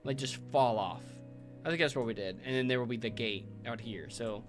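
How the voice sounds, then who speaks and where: Man, livestream host, relaxed, mid-pitched, chuckling asides, faint music and typing behind. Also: fairly quick. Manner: relaxed, thinks aloud with fillers and chuckles. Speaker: livestream host building a game world. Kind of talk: casual livestream commentary while working.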